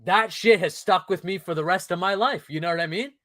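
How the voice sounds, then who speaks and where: A man's voice: sits high, brisk, a bit bright, slight background noise. Blunt, emphatic man on a podcast. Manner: blunt, swears freely, punchy emphatic delivery. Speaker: host, men's coach. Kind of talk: casual podcast conversation.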